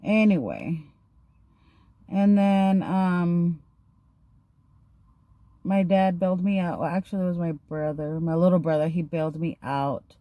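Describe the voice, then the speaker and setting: Slow-talking, chatty young woman. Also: on the low side, dry recording. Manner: chatty, slangy, animated retelling with acted quotes. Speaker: vlogger. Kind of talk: casual storytime while getting ready.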